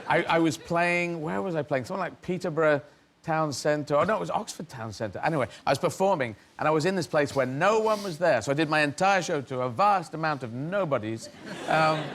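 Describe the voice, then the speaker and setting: A middle-aged man from England tells his stories in a rambling, self-mocking way, often laughing through his words. His voice sits a bit high for a man. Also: a bit bright, slight background noise. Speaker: interview guest, comedian. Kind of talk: anecdotal storytelling.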